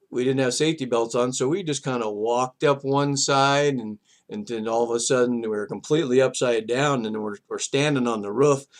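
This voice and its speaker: An older man casually telling a personal story as a vlog host, rambling and animated with halting restarts. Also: mid-range voice.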